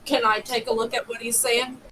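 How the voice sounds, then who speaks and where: A woman's voice: a little high, level tone, brisk, pushed and bright, recorded from a distance, slight background noise, low-quality recording. A woman playing a tabletop game, chatting casually with the game master. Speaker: player.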